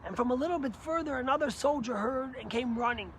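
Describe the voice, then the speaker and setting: Man, rabbi, inspirational sermon, earnest storytelling, high-pitched voice. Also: quick pace, slight background noise. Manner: earnest storyteller, drops low and soft for morals.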